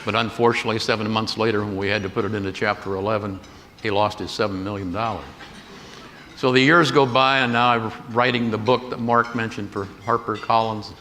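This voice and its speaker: Older man with a bright voice telling stories in a hall. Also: fairly low pitch, steady tone, brisk. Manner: folksy anecdotal storytelling with quoted dialogue. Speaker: keynote speaker. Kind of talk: storytelling keynote. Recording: echoey hall with faint noise.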